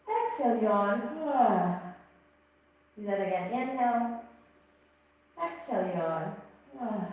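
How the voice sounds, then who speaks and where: A woman teaching a yoga class, giving calm, gently paced cues and counting breaths. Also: mid-range voice. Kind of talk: guided yoga instruction. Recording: echoey room, voice from a distance.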